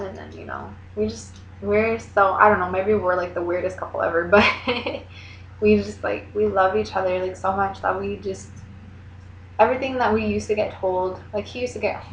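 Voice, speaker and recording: A young woman talks casually to her camera, rambling through stories with "like" in nearly every sentence. Her voice sits at a middle pitch and is captured by a lo-fi camera mic. The room is echoey, and a faint hiss sits underneath. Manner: chatty, rambling, heavy use of "like". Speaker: vlogger. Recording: echoey room, dull lo-fi sound.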